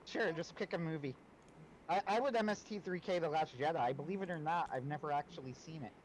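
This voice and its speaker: A man co-hosting a casual livestream chat, chatty and quick to laugh as he tells stories. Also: a little high, a little hiss or hum, poor audio. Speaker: livestream co-host.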